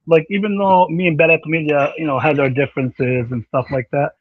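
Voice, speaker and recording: A man hosts a casual online panel, rambling and animated, packing his talk with fillers. His voice sits a little high. The audio is dull and slightly lo-fi, with a dry, close sound. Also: fairly quick, breathy edge, no echo. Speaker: panel stream host.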